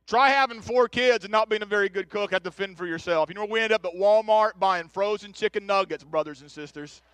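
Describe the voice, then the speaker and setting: A pastor in his thirties gives a chatty, joking sermon in a church, speaking directly to the people in the pews. His voice sits high for a man, and it sounds dry and close with little room sound. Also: fairly quick, fairly bright tone, smooth, no room sound. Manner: joking, chatty, talks straight to the congregation. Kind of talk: conversational sermon. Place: church sanctuary.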